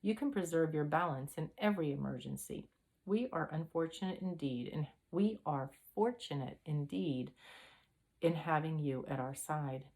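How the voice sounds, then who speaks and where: A woman's voice: sits low, normal speed, a little mellow. Woman putting on a fussy old invalid professor. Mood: lamenting. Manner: mincing, flowery, self-pitying.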